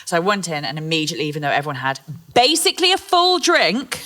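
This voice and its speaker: A woman co-hosting a comedy podcast, telling animated stories, swearing freely and acting out other people in exaggerated voices. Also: lowish voice, fast talker. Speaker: podcast co-host. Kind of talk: casual comedic chat.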